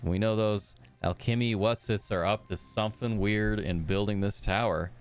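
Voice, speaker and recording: A man's voice: on the low side, fairly even intonation, moderate pace, few pauses, clear, resonant tone, soft background music. Chatty young man streaming a game. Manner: upbeat and chatty, talks to his chat. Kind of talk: casual live gameplay commentary, reading game dialogue aloud.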